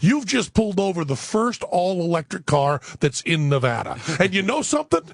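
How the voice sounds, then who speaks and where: A man tells a comic story on talk radio with a high, lively voice that swoops up and down. His tone is gravelly and a bit husky, and he plays both sides of the conversation in a mock-earnest, chatty way. The sound is dry and close. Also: normal speed, dry recording. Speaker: studio guest. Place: radio studio.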